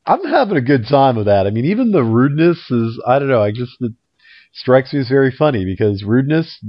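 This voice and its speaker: A man's voice: medium pitch, big pitch swings, a little fast, no room sound. A man hosting a casual podcast from a hotel room, his voice coming through a dull, muffled call line. He rambles with plenty of ums and restarts and pokes fun at himself. The sound is dry and close, with no room around it. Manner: rambling, self-mocking storyteller with many fillers and restarts. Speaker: podcast host. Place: hotel room in a big city. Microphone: remote call line.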